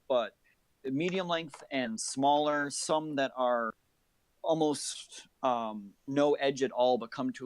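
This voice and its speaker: A man narrating a tabletop game as game master, describing scenes in detail with many filler pauses. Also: medium pitch, no echo.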